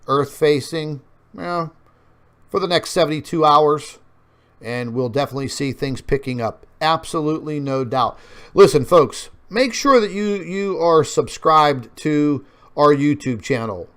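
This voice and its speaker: Here an online news show host speaks on the high side, unhurried, with a fairly bright, clean tone. He offers relaxed commentary on maps displayed on screen, rambling with many fillers and calling his audience folks.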